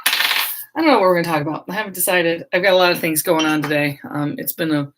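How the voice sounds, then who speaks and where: A middle-aged woman who works as a medium, chatting casually on a livestream with her viewers, rambling and laughing often, her voice a little hoarse. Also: lowish voice, quick pace, a bit bright, slight background noise. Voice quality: slightly hoarse.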